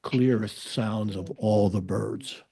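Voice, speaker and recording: A man speaking as a webinar panelist, telling stories in a relaxed, unhurried way. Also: lowish voice, gravelly, breathy edge. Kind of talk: casual webinar chat.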